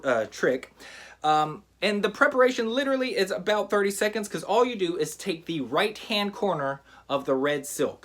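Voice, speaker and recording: A man teaching a magic trick in a relaxed, chatty how-to style, with frequent fillers. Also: on the high side. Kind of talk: casual how-to tutorial.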